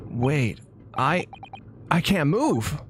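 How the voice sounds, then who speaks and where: A man's voice: on the high side, sing-song, very slow, pitched above the performer's own voice, heavily acted. A man voicing a flustered young male student in a game, startled and stammering.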